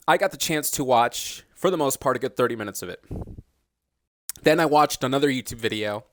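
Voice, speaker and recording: A man's voice: a little high, no room sound, studio quality. A man hosting a solo commentary podcast, talking casually with fillers and growing indignant, pushing his voice up when frustrated. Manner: indignant, ranting, rising to near-shouts when frustrated; conversational with frequent fillers. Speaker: podcast host.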